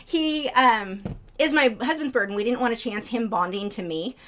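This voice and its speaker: A young woman talking casually to her live-stream viewers, with a slightly high voice. She rambles from topic to topic, full of fillers and asides. Now and then she turns to her pet birds in a cooing voice. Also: moderate pace, a bit bright, a little hiss or hum. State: out of breath.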